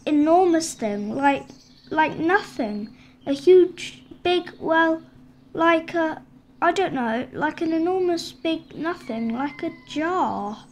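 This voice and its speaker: Brief: woman putting on a tiny, frightened male piglet, very high and squeaky, stammering in panic. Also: a little hiss or hum, exaggerated voice. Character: small timid young male piglet, easily frightened. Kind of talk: storybook reading.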